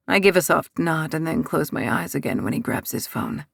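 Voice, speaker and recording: A woman narrating a first-person romance audiobook in a soft, intimate, unhurried way. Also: low-pitched, animated, creaky, husky, dry recording, clean studio sound.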